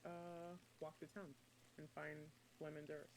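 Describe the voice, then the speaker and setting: A woman's voice: sits low, level tone, a little slow, creaky, a little hiss or hum, rough recording. A woman playing a tabletop game, casual and playful, with hesitant fillers. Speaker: player.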